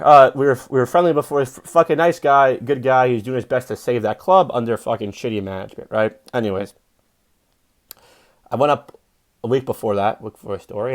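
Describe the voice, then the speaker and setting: A young adult man, a comedian, telling a rambling, profane story in a casual monologue and getting loud and fired up when he preaches. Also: mid-range voice. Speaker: comedian and podcast host.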